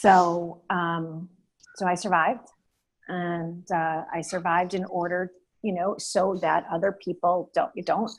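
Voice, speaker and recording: A woman talking as a guest in an interview, telling a personal story in a lively way with many fillers and restarts. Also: on the low side, slow, slightly rough, rough recording.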